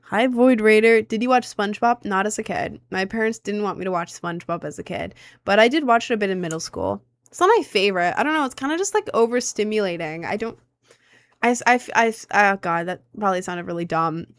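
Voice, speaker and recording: A woman's voice: mid-range voice, animated, fairly quick. A young woman in her twenties chats casually with her viewers. She rambles and hesitates, packing her talk with filler words. The sound is dry and close, with no room echo. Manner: rambling, filler-heavy, self-conscious. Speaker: streamer answering chat. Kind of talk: casual chat.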